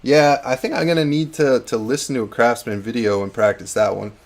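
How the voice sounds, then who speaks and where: A man's voice: mid-range voice, steady tone, fairly quick, slight background noise. A man hosting a live hobby-painting stream, chatting casually and laughing at himself. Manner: chatty, self-deprecating, laughs often. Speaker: host.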